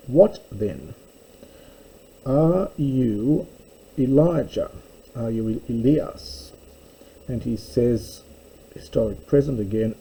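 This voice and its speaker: A man teaching a slow verse-by-verse Greek lesson, explaining word by word with pauses and fillers. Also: medium pitch, gravelly, mellow, a little hiss or hum, rough recording.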